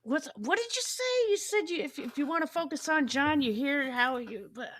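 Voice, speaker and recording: A woman's voice: high-pitched, lively intonation, moderate pace, a bit bright, a little hiss or hum. Enthusiastic, swearing woman gushing about music. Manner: enthusiastic, swears a lot, many restarts. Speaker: podcast host. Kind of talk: casual music chat.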